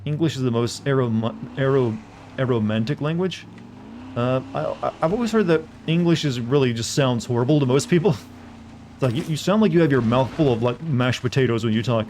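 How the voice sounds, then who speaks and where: A man's voice: mid-range voice, lively intonation, a little fast, a little mellow, a little hiss or hum. A man with a Southern US accent, casually rambling and joking with viewers while playing a game. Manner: rambling, jokey, chatting with viewers. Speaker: streamer. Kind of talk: casual gameplay commentary.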